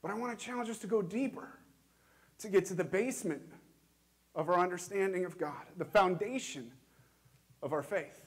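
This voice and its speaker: A pastor preaching a sermon in a church, asking questions and speaking earnestly with measured, emphatic pauses. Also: male voice, high voice, slightly rough.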